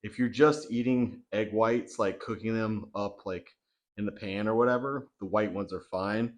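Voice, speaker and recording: Young male vlogger, lowish voice, loose chatty kitchen narration with fillers. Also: steady tone, moderate pace. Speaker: bodybuilding vlogger. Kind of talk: casual vlog narration. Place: home kitchen.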